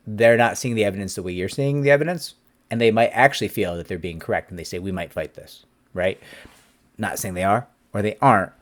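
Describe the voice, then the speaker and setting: A man in his forties, an employment attorney, answering a viewer's question in a casual, animated talk to camera. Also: lowish voice. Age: 40s. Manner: animated, conversational, acts out quotes.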